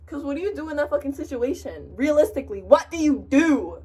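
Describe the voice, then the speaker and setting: A young woman, a college freshman, telling a profane, animated story to the camera while doing her makeup. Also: sits high, brisk, few pauses, distant mic. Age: young adult. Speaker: vlogger. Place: in front of a mirror, doing makeup. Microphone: camera a short distance away.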